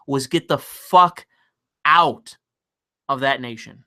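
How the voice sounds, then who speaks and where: Man, livestream host, excitable profane rant, bright tense tone. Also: medium pitch, slow pace, long pauses. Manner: profane, excitable, reads chat donations aloud.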